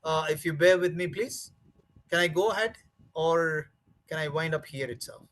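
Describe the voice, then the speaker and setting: A man's voice: a little high, moderate pace, fairly bright tone, rough recording. A man giving a training lecture to teachers, emphatic and repetitive, with many fillers.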